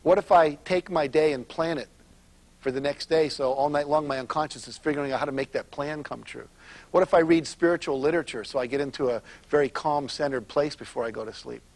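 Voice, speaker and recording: Motivational speaker, middle-aged man, fairly high voice, storytelling to a seminar crowd. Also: fairly quick, no room sound. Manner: storytelling, asks the audience questions. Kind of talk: live seminar talk.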